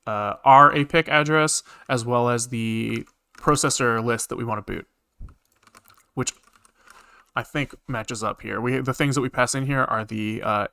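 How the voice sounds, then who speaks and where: A man's voice: medium pitch, fairly even intonation, unhurried, vocal fry, pushed and bright, clear, resonant tone. A man streaming live coding, rambling casually with lots of fillers and the odd swear as he thinks aloud. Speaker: programming streamer.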